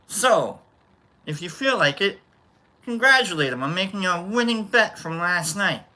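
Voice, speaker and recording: Bright-voiced man telling rowdy stories. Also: high-pitched, a little slow. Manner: animated, joking, acts out quoted voices with loud yells. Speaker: livestream host. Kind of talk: casual storytelling chat.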